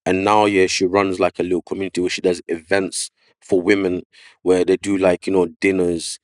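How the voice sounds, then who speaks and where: Podcast guest: male barber, London accent, low voice, slangy, animated, dry close mic. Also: brisk, no echo. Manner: animated storyteller, slangy, repeats "yeah" and "you know what I mean". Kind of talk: casual storytelling interview. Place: podcast studio.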